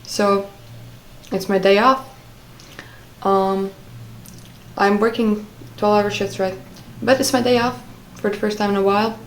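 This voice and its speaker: A young adult woman vlogger tells a casual storytime monologue, loose and unscripted, packed with fillers, restarts and asides. Her ordinary mid-range pitch stays fairly even and unhurried, with a faint hiss beneath the recording.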